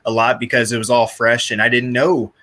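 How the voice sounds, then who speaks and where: A man in a casual movie review chat, animated and mocking, breaking into sarcastic impressions. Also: mid-range voice, a little fast. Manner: animated, mocking, mimics accents. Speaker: podcast guest.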